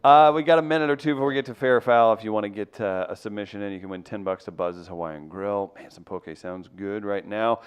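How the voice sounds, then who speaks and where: A man's voice: fairly low pitch, quick pace, few pauses, clear, resonant tone, highs cut off. A man hosting a comedy podcast, teasing his co-hosts, laughing often and reading sponsor spots. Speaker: podcast host. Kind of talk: casual comedic podcast banter.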